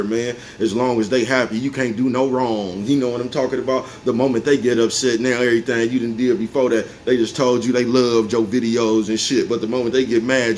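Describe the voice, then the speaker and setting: A man in his forties talking to his viewers in a casual, rambling monologue, laughing to himself and often asking whether they follow him. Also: medium pitch. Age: 40s. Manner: laid-back, repeats "you know what I'm talking about", chuckles often. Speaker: vlogger. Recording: faint background noise.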